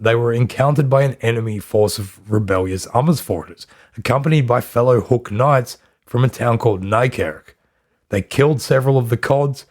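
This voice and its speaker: A man's voice: medium pitch, a little mellow. Man narrating history with dry asides. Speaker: podcast host.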